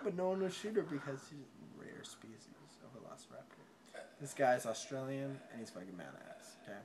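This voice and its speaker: A man's voice: medium pitch, lively intonation, moderate pace, a little hiss or hum. A drunk young man retelling a film in a rambling, swearing way, often laughing and tripping over his words.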